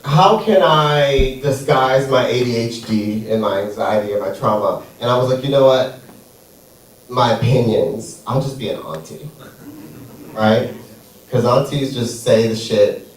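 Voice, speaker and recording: Captured from a distance in an echoey room, a man does a stand-up comedy set in a theater. His mid-range voice is unhurried, and he plays his lines with sass and playfulness, lingering on each punchline.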